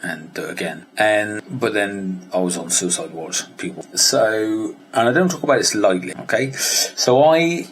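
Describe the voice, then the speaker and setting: Deep-voiced blunt British man vlogging. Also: a little slow, slight background noise. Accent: British English. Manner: blunt, sweary, rambling storytelling. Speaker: diet vlogger and coach. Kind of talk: candid personal vlog. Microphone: handheld vlogging camera.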